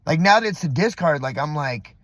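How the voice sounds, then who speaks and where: A man's voice: fairly high pitch, expressive, a little fast, a bit bright, no echo, clean studio sound. A middle-aged man from Southern California, venting in a rambling, profane vlog monologue full of fillers, recorded in a parking lot. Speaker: vlogger.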